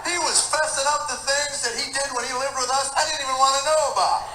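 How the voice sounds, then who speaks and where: A man in his fifties doing folksy, animated stand-up comedy about his family. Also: extremely high pitch, quick pace, over music. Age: 50s. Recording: roomy noisy live stand-up recording.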